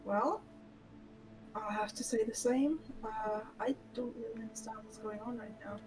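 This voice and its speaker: A woman's voice: fairly high pitch, fairly even intonation, moderate pace, music in the background, low-quality recording. A woman playing in a tabletop game, speaking casually and a bit hesitantly, partly in character. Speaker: player. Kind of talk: in-character role-play.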